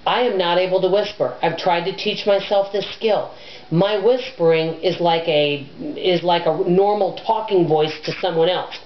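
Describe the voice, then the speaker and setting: Loud, abrasive woman vlogger, echoey room. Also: on the low side, normal speed, slight background noise. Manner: chatty, rambling, self-deprecating. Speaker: personal finance vlogger. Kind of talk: casual chat to camera. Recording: echoey room, dull lo-fi sound.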